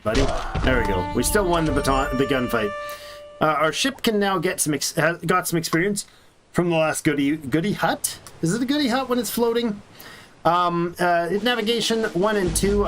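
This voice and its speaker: A man's voice: fairly high pitch, noisy background. A man casually commenting on his strategy game as he plays, chatty and thinking aloud with little jokes to himself. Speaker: let's play streamer.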